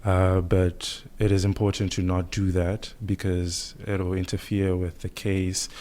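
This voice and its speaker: A man, speaking as a guest doctor in a radio podcast interview, calm and measured, explaining things with many "you know"s. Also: sits low.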